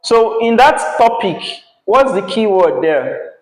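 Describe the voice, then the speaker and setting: Brief: Nigerian English male teacher, slow and patient, higher pitch, echoey classroom. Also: expressive. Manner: slow, patient, repeats key words. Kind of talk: classroom lesson.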